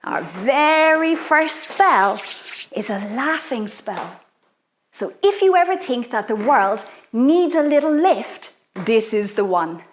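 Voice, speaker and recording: A woman leading a playful children's activity, guiding young listeners through chants and spells in an animated, sing-song way. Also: fairly high pitch. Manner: animated, sing-song, exaggerated sounds for kids. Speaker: children's workshop leader.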